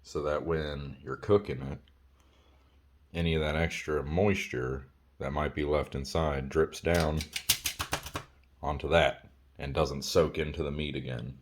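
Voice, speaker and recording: A man's voice: very deep voice, steady tone, measured pace, long pauses, slight background noise. A man in his home kitchen, filming a casual cooking tutorial on his phone, blunt and crude, repeating his instructions again and again. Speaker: home cook showing a recipe. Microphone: phone camera.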